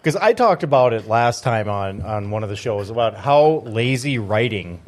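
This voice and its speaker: A man's voice: lowish voice, animated, normal speed, a little mellow. A man co-hosting a casual review podcast, giving strong opinions and often stammering as he restarts. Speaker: podcast co-host.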